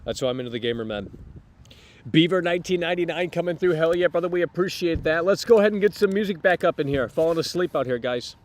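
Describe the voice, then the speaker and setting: A man hosting a live stream, rambling to his chat with sudden loud bursts. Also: on the high side, animated, fast talker, slight background noise.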